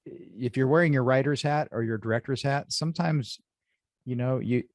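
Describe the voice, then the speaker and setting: A man's voice: medium pitch, normal speed, no room sound. Dry-sounding male co-host. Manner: agreeable, encouraging, laughs along. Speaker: podcast co-host. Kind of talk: casual interview chat.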